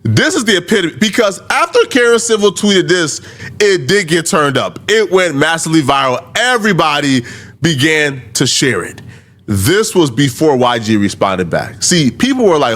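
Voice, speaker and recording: A male commentator with a slightly high voice whose pitch swings widely. He explains his point step by step with lively energy. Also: moderate pace. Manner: animated, explains step by step, breaks into laughter.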